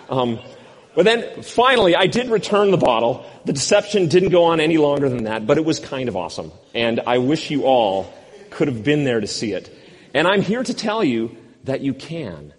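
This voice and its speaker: A man's voice: a little high, sing-song, normal speed, long reverb tail. A man in his fifties, a pastor preaching a sermon with a wry, self-deprecating storytelling manner.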